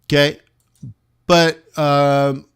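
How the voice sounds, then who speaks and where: Guy teaching forex on a live stream, talks slow, keeps asking viewers why, desk mic. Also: a little high, flat delivery, a bit bright, smooth. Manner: conversational, rhetorical questions to viewers. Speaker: forex trading instructor. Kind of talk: live-stream trading lesson.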